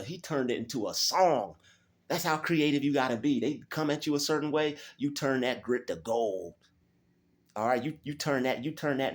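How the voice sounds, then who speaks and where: A man giving a loose, repetitive motivational talk in casual streetwise slang, preaching encouragement to his viewers. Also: medium pitch. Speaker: motivational vlogger.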